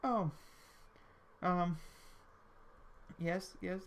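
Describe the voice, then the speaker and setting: A man's voice: on the high side, expressive, unhurried, fairly bright tone, slight background noise. Rambling man narrating a life-sim game. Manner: rambling, restarts often, addresses viewers. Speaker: gaming channel host. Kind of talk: let's play commentary.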